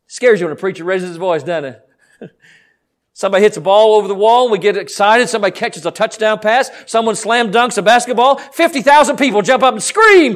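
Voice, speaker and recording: A Southern American pastor preaching a fervent sermon in a church, swinging from quiet pleading to shouting. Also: male voice, high-pitched, expressive, a little fast. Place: church sanctuary.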